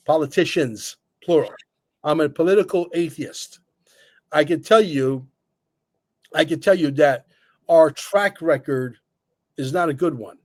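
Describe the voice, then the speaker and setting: A man co-hosting a livestream, talking bluntly and emphatically, cursing and filling pauses with "uh". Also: fairly high pitch, darkish tone. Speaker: livestream co-host. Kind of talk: opinionated livestream talk.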